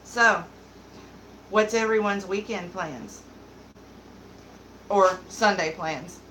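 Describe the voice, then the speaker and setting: A giggly woman hosts a laid-back livestream from home, answering her chat at an unhurried pace. Her voice is bright and forward, picked up on a simple computer mic. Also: medium pitch, slight background noise, low-quality recording. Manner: giggly and chatty, talks to her dog. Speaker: livestream beauty host. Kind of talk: casual livestream chat, reading viewer comments.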